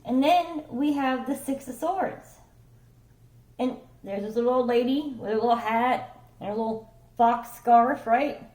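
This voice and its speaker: In an echoey room, a woman reads tarot in a casual, rambling monologue, swearing now and then and checking in with "okay?" and "right?" Her voice sits on the high side and sounds a little mellow, and she never hurries.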